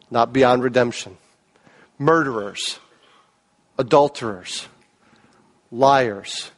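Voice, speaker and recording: A man preaching a sermon as a pastor, animated, with hushed low moments and raised emphatic peaks.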